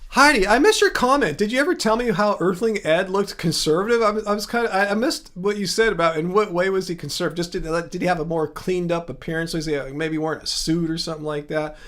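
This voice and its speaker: A man with a high-pitched voice hosts a casual livestream and talks straight to his viewers. He rambles in a chatty way, restarting sentences and filling gaps with ums as he reads comments aloud. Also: fast talker, few pauses, fairly bright tone. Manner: rambling, chatty, frequent fillers and self-corrections. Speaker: livestream host.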